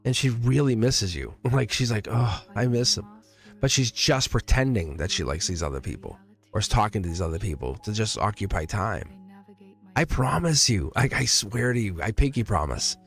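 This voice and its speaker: A man gives a casual tarot reading on a live stream, chatty, emphatic and reassuring, often laughing between phrases. His voice is fairly low with lively intonation and a moderate pace. Soft music plays in the background.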